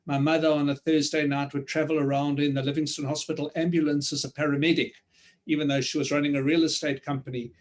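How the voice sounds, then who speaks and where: A South African man speaking reflectively over a video call, with many pauses and ums. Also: fairly high pitch, little pitch movement. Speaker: author guest. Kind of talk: reflective conversation.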